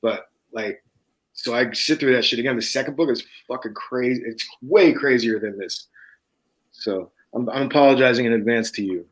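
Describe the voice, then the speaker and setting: With poor audio, a medium-pitched male guest author talks at a moderate pace through a raw personal story on a relaxed talk show. Profanity and laughter run throughout as he acts out the other characters' voices.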